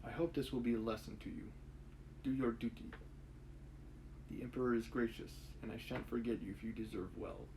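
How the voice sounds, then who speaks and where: A man reading aloud, voicing an aging male army commander slowly and calmly. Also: medium pitch, vocal fry, slight background noise, lightly acted, rough recording. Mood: measured.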